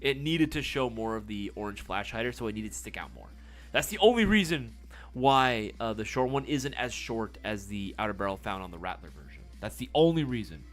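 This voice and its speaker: A man hosting a casual live-stream sales chat, playful and quick to swear. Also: lowish voice, animated, soft background music.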